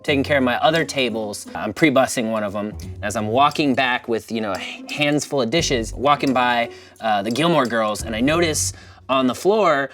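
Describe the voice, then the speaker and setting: A male comedian telling a story with crude, animated delivery and lots of profanity. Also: medium pitch, moderate pace, far from the mic, soft background music. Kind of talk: stand-up storytelling.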